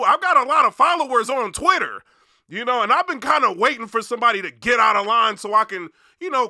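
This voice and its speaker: A man, a battle rap blogger, rambling through a casual commentary rant, full of "you know what I mean" and turning loud and heated. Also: very high-pitched, no echo, studio quality.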